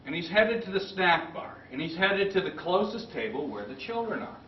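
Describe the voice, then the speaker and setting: A man's voice: sits high, moderate pace. A man in his fifties tells a story to a club meeting, acting out what people said. He sounds far from the mic in a roomy space. The recording is dull and lo-fi, with a faint hiss behind him. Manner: lively storyteller acting out quotes. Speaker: club speaker. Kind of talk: storytelling speech.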